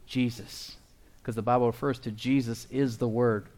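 A man's voice: medium pitch, fairly even intonation, moderate pace, a little mellow. A male pastor preaching a sermon in an emphatic way, often calling out to his congregation for an amen.

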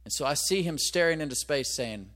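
A man's voice: fairly high pitch, animated, fairly quick, a bit bright. Man preaching a conversational sermon. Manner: conversational preaching with rhetorical questions; searches aloud for references, restarts. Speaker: pastor.

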